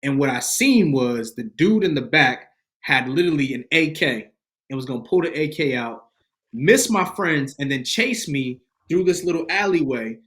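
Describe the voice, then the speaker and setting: A man guesting on a podcast, telling a personal testimony in casual slang with lively energy. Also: fairly high pitch, normal speed. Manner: slangy, animated, addresses listeners as bro and fam.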